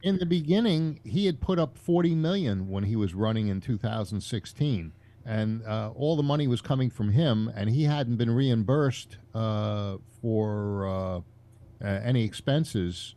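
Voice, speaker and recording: Halting man with many fillers. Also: on the low side, dark tone. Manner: halting, many fillers, defends his view. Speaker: call-in show panelist. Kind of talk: casual political chat. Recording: video call audio.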